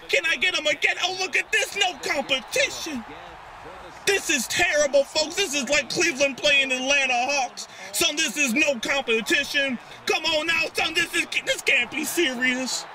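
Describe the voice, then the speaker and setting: A young man giving excitable, trash-talking commentary over his own football video game, sometimes drifting into a sing-song delivery. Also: very high voice, a little slow, crowd noise. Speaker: gaming YouTuber. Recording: music playing behind.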